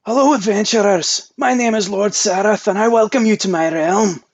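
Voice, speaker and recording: A man's voice: sits high, normal speed. Stately lord with a lofty raised voice, a man puts him on; dull lo-fi call audio. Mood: grandiose. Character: grand lordly male summoner of adventurers.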